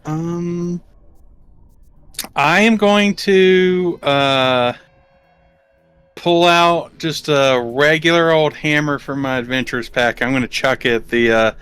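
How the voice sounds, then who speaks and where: A man's voice: on the high side, steady tone, slow, a bit bright, smooth, no echo. A man playing a tabletop game, describing his character's actions tentatively and groping for words. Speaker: player.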